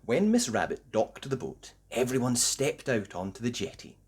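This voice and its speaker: A woman reading a children's storybook aloud with slow, expressive, sing-song delivery. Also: very deep voice, slightly rough. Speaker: story reader.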